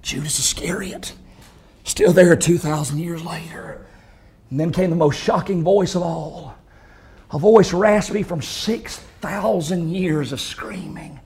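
A man preaches a vivid sermon story in a high voice. His delivery swells to intense peaks and drops low and grave. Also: unhurried, darkish tone, low-quality recording. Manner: intense, rising and falling delivery.

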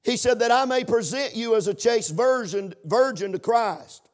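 A man's voice: very high-pitched, moderate pace. A man preaching a sermon in a chanting, sing-song cadence, breaking in with amens.

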